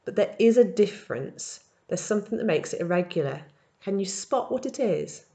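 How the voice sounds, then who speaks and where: A woman teaching in a recorded language tutorial, explaining verb patterns step by step and modelling each form slowly. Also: mid-range voice, lively intonation, gravelly, dark tone. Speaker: French teacher.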